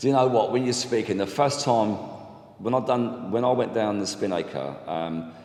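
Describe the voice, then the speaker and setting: A man in his fifties talks earnestly and fast, rambling along with plenty of agreeing fillers. His voice is low and gravelly. The room adds a long, echoey reverb. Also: darkish tone. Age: 50s. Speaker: podcast guest. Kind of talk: casual chat.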